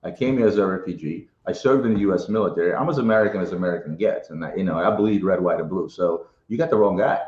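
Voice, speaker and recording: A man's voice: low-pitched, a little mellow, a little hiss or hum. A middle-aged man from Ukraine giving a casual interview, emphatic, often tagging "right?" onto his points. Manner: fast, emphatic, keeps adding "right?". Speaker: interviewee, sneaker collector. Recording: roomy, dull sound.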